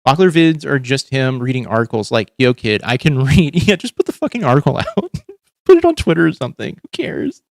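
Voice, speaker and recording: A man's voice: mid-range voice, sing-song, brisk, creaky, dry recording, clean studio sound. Ranting man swearing on a livestream. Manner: ranting, heavy swearing, frequent restarts. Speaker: livestream host. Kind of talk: casual profane commentary.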